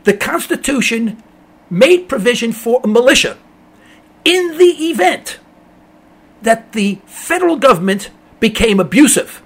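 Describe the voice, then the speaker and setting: A man's voice: very high voice, very animated, unhurried, fairly bright tone, breathy edge. A middle-aged man hosting a talk radio show, ranting emphatically in a rambling monologue and mocking callers in a dopey voice.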